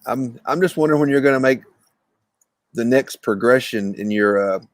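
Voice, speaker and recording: A man, co-hosting a casual podcast chat over drinks, talking in a fast, rambling, teasing way. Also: medium pitch, no echo, clean studio sound. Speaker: podcast co-host.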